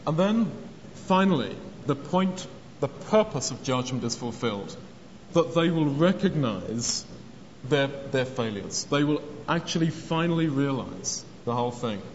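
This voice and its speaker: A man's voice: medium pitch, lively intonation, a little slow, a little mellow. A man preaching a sermon, earnest in tone and acting out the speakers he quotes. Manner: earnest, acts out quoted speech. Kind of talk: sermon on a parable. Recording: long hall reverb, dull lo-fi sound, faint noise.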